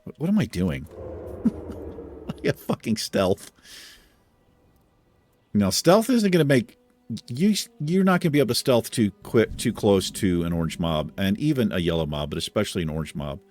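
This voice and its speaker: A laid-back man with a low voice hosts a video game playthrough, talking to his viewers as he plays. His delivery is loose and lively, with lots of rise and fall. He swears casually and chuckles along the way. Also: normal speed, pauses often, faint music behind. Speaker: host. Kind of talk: casual gameplay commentary.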